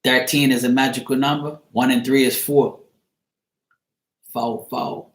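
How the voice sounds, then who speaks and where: A man's voice: medium pitch, level tone, measured pace. Male channel host, loose rambling banter with a joking, cussing edge, in a roomy echo. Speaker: card reader and channel host. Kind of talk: casual livestream chat.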